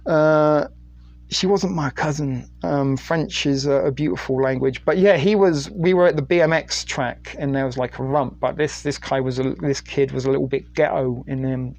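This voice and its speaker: A man's voice: mid-range voice, a little mellow. A middle-aged British man from the UK hosting a crude, rambling late-night live stream on his phone and reading viewer chat aloud. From United Kingdom.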